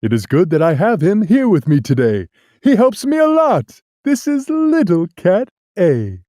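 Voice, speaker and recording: A storyteller voicing a boastful, mischievous cat in a hat, in a low chuckling voice for a storybook reading. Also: huge pitch swings, measured pace, warm tone, no echo, studio quality. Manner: chuckling, cocky, playful. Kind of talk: storybook read-aloud.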